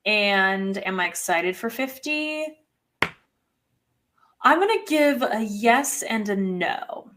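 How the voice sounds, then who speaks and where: A woman talking as an interview guest in casual chat, animated and playful, filling her talk with "like". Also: mid-range voice, slow, pauses often, noisy background. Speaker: guest, former reality competition player.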